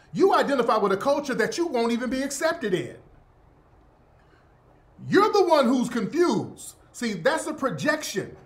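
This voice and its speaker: A man's voice: high voice, fairly bright tone. A man hosting a radio show, mocking and ranting sarcastically, profane and cutting. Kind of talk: commentary on a played clip.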